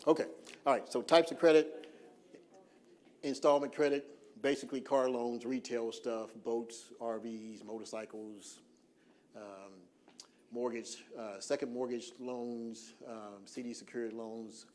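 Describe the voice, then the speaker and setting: Relaxed man giving a money talk. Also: mid-range voice. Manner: relaxed, lots of "uh" fillers, slows down deliberately for emphasis. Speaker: financial workshop presenter. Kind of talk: informal seminar talk. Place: church hall.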